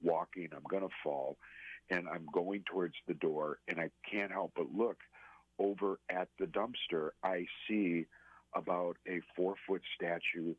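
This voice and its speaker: A man telling a personal story as a radio interview guest, earnest and halting, with many restarts. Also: low-pitched, steady tone, slightly rough, no echo. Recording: tinny phone line.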